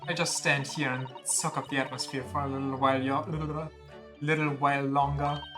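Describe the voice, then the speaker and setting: A man's voice: mid-range voice, little pitch movement, fairly quick, music in the background. A man streaming a game, chatting casually with self-deprecating, laughing asides.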